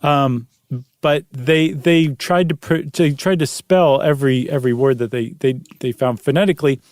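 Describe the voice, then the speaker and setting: A man's voice: medium pitch, normal speed, a little mellow, no room sound. A man hosting a podcast in casual chat, explaining things at length and chuckling often. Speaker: podcast host.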